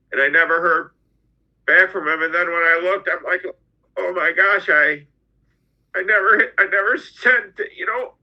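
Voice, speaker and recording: A middle-aged man telling his own story as a podcast guest, halting and often repeating his words. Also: on the high side. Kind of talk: personal storytelling. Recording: dull lo-fi audio.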